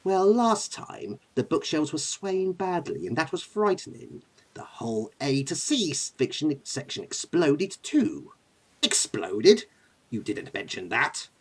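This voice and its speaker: A man voicing a menacing old male emperor in a low, hushed, sneering voice. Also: very animated, unhurried, husky, heavily acted. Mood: sinister.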